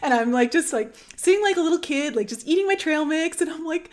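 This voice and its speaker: High-voiced woman telling an emotional story. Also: a little fast, few pauses. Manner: earnest, animated, many fillers like "like". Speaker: channel host sharing a personal story.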